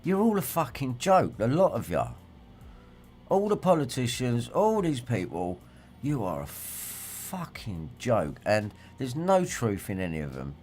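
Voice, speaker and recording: A man's voice: medium pitch, wildly swooping pitch, moderate pace, darkish tone, faint music behind. A man, ranting and swearing in a rambling livestream monologue and reacting to viewer comments. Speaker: livestream host.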